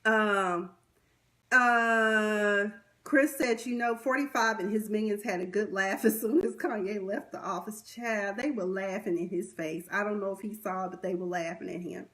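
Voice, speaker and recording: A woman's voice: medium pitch, fairly even intonation, normal speed, fairly bright tone. A young woman giving a blunt, sassy, exasperated commentary recap, full of slang and asides, recorded on a livestream mic. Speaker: commentary vlogger. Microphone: webcam or phone mic from a livestream.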